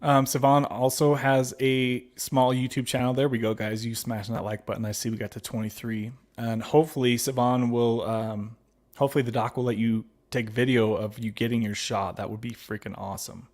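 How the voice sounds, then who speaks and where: A livestream host with a mid-range, level, slightly mellow voice talks a little fast as he reads viewer comments aloud and answers them. Friendly and laughing often, he calls his viewers babies and buddy.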